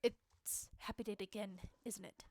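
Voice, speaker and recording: A woman's voice: mid-range voice, steady tone, a little slow, darkish tone, no echo, lightly acted. A woman streamer reading aloud the lines of a shaken but determined young woman rider from a game, putting on an accent. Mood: worried. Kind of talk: dramatic game dialogue read-aloud.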